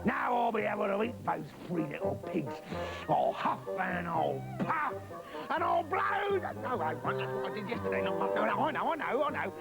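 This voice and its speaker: A man voicing a greedy, rude, boastful male wolf with a rough, scratchy voice, blustering and crude in a comic children's story. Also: high voice, sing-song, normal speed, over loud music, exaggerated voice. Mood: greedy grumbling. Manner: blustering and crude, muttering asides.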